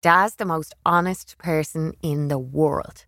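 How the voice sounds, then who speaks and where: A woman reading a first-person children's story aloud in a wry, expressive way on a close studio mic. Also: deep voice, slow, no echo. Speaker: audiobook reader.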